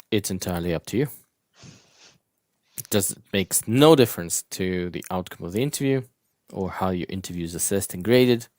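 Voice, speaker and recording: A man with a fairly low voice co-hosts a live coaching stream and reads out viewer questions in an easygoing, chatty manner. The sound is close and dry, with almost no room around it. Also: no echo. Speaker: interview coach co-host. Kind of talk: live Q&A session.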